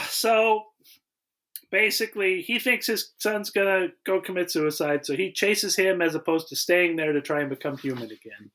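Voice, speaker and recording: A man co-hosting a casual movie review chat, recapping the plot in an animated way and laughing often. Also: high voice, moderate pace. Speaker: podcast co-host.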